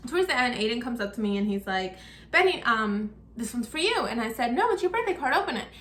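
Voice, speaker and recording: A woman's voice: fairly high pitch, big pitch swings, fairly quick, a bit bright. A young woman telling a personal story in a casual vlog, chatty and acting out the dialogue as she retells it. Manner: chatty, acts out quoted dialogue in her retelling. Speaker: vlogger. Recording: echoey room.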